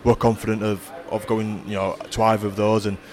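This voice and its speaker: A man talking about his team's next games in an interview, halting with many fillers and restarts. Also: lowish voice, level tone. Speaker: rugby league player or coach interviewed. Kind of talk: post-match style interview.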